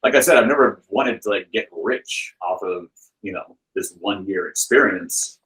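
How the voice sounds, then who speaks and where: A man guest on a podcast, telling stories in a rambling, animated way with many "like"s and "you know"s. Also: deep voice, moderate pace, low-quality recording. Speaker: guest, film director and author. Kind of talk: casual podcast interview.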